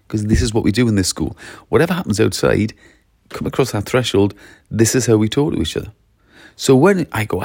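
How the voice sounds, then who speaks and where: Gravelly man on school habits. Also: lowish voice, lively intonation, a little fast, a little mellow, no echo, clean studio sound. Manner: emphatic, rhetorical questions, acts out pupils' replies. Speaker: education commentator. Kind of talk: opinionated talk to camera.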